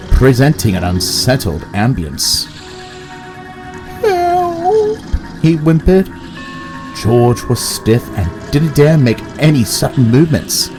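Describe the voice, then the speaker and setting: Male narrator, mid voice, animated intonation, music bed underneath. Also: medium pitch, rough recording. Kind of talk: amateur storybook narration. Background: background music.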